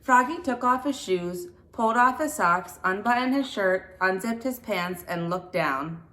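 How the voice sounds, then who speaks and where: A woman teacher reading a children's picture book aloud to her class, animated and playful. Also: mid-range voice, a little slow. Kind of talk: read-aloud storytelling for children.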